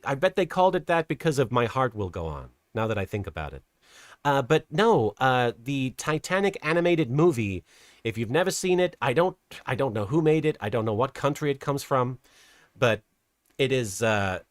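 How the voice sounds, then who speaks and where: A man's voice: medium pitch, very animated, normal speed, dry recording, studio quality. A man casually commenting on a livestream, chatty and rambling, laughing often and poking fun at himself at a desk microphone. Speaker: streamer and host.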